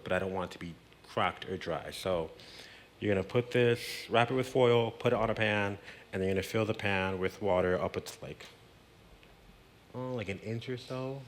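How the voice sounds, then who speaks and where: A man's voice: fairly low pitch, normal speed, slight background noise. A man hosting a cooking show in a kitchen, explaining a recipe step by step in a chatty, playful way and dropping in Spanish words. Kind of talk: casual cooking demonstration. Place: home kitchen.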